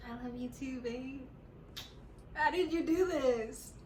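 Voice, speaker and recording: A woman's voice: high-pitched, slow, a little mellow, echoey room, slight background noise. A woman vlogger crying with joy, giggly and tearful, repeating exclamations in casual chat.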